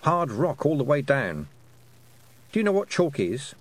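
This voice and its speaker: A man voicing a brisk, sharp-tongued woman who is a witch and a teacher, lecturing precisely in an audiobook. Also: medium pitch, very animated, pitched above the performer's own voice. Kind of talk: audiobook character voice.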